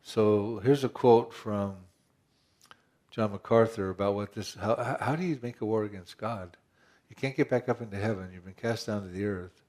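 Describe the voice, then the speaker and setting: A man's voice: on the low side, normal speed, darkish tone. A man pastor preaching a conversational sermon, asking rhetorical questions and often restarting his phrases.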